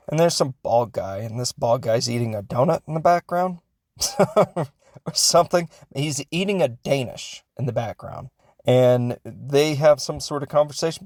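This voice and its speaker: Recapping a movie on his podcast, this film-reviewing host has a darkish, mid-range voice captured in studio quality with no room sound. He meanders casually, frequently unsure and correcting himself, with joking remarks along the way.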